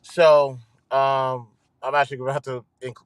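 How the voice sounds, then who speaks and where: A man hosting his own show, ranting loudly with swearing and repeating himself for emphasis. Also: medium pitch, flat delivery, a little slow, clear, resonant tone, no echo. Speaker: host. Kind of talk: ranting live commentary.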